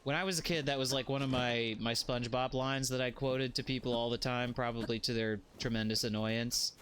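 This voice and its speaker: A man's voice: mid-range voice, fairly even intonation, a little fast, fairly bright tone, slight background noise. A man streaming a game live, rambling in a jokey way, swearing freely and chatting to his viewers.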